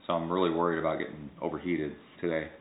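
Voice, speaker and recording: A man's voice: very deep voice, level tone, fast talker. A man hosting a casual chat at home, easygoing and plain-spoken. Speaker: triathlete and podcast host. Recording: echoey tinny phone-like audio.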